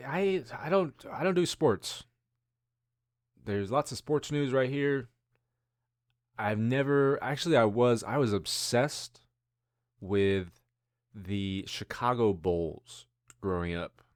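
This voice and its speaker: A man's voice: medium pitch, lively intonation, slow, long pauses, dry recording, clean studio sound. A man in his thirties hosting a casual news-commentary show, rambling and musing with self-deprecating asides. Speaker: host.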